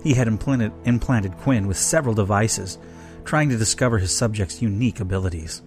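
A man reads a roleplay story aloud in a steady, measured voice. His pitch sits a little low, with soft music underneath. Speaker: story reader.

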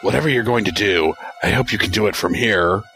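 A man's voice: fairly low pitch, a little fast, sharp tone, soft background music. A man voicing a sarcastic male alien pilot in an audiobook reading, muttering dry remarks.

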